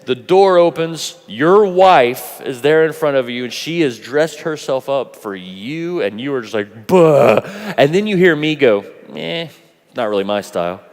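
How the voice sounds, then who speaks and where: A man preaching a sermon at a youth conference, animated and playful, acting out voices as he goes. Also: fairly high pitch, measured pace, hardly any pauses. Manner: animated, acts out quoted voices, laughs often. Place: large conference hall. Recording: long hall reverb.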